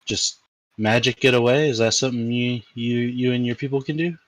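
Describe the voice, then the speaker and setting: Player, male, mid pitch, casual and hesitant, dry close sound. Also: steady tone, fairly quick, dry recording, low-quality recording. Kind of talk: tabletop role-play.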